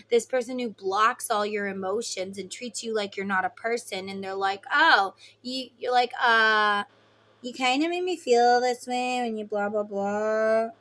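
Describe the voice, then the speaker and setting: A woman giving a casual tarot reading, blunt and swearing freely, acting out quoted voices loudly. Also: on the high side. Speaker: tarot reader.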